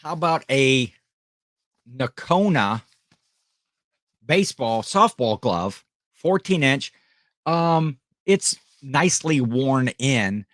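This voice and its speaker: A man's voice: medium pitch, lively intonation, takes it slowly, long pauses, fairly bright tone, no room sound, clean studio sound. A man hosting a casual live stream, rambling as he reads the chat aloud, with frequent fillers and restarts. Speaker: livestream host selling items.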